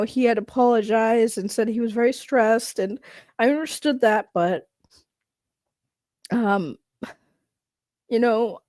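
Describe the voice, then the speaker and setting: In a mock testimony, a woman plays a tearful young former coffee girl, her voice a little high and free of echo. She speaks haltingly, choking up and stopping many times.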